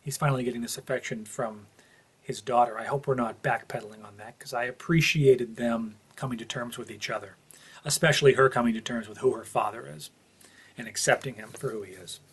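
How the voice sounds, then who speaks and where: A man with a mid-pitched, slightly husky voice gives a casual spoken review of a TV episode. He is earnest and opinionated, working out his thoughts aloud as he talks. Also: brisk, a bit bright.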